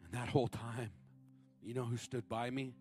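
A man's voice: fairly even intonation, moderate pace, soft background music. Thirties man preaching with wide swings. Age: 30s. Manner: swings from shouted high appeals to low confiding storytelling. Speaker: guest preacher. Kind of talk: sermon.

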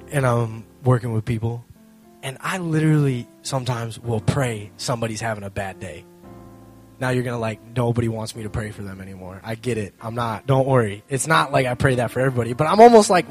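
Animated young man telling a story. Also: medium pitch. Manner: lively, acts out both sides of the story; casual, self-mocking humor. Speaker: speaker addressing a live audience.

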